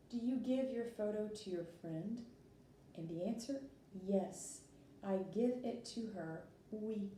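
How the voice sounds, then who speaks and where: A woman's voice: mid-range voice, measured pace, warm tone. A woman teaching a recorded French lesson, explaining patiently step by step with fillers. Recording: echoey room, distant mic, faint noise.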